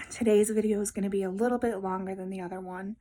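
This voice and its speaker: A woman in a personal vlog speaks warmly and directly to the people watching. Her voice is gentle and reassuring, and at the tenderest moments it drops to a hushed near-whisper. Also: medium pitch. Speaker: vlogger. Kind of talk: heartfelt personal vlog talk.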